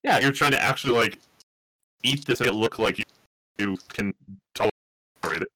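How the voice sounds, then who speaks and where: A man's voice: lowish voice, normal speed, pushed and bright, rough recording. A man narrating as game master of a tabletop game, rambling with many fillers and restarts.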